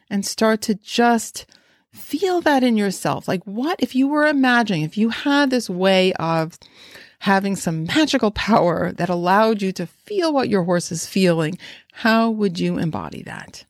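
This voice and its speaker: Woman, horse trainer, middle pitch, rambling teaching talk, dry close recording. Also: darkish tone, dry recording. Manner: rambling, restarts often, asks listeners many questions. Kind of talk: instructional talk.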